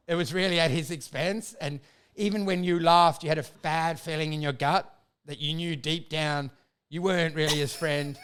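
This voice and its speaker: A man's voice: fairly high pitch, a bit bright, slight background noise. An Australian man and comedian in casual chat, ranting with lots of swearing and frequent laughter. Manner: profane, ranting, laughing often. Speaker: comedian, podcast guest.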